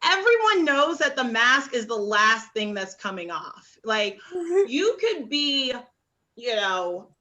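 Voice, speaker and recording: A young woman from Oklahoma performing a stand-up comedy set on a club stage, with a halting delivery full of restarts and dry punchlines. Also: a little high, big pitch swings, pushed and bright, muffled recording.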